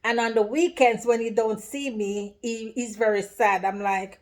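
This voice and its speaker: A woman talks straight to her viewers in a casual vlog, her voice sitting a little high. She tells her story with lively, emotional energy, leaning into phrases like "let me tell you" as she builds it up. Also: normal speed. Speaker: vlogger.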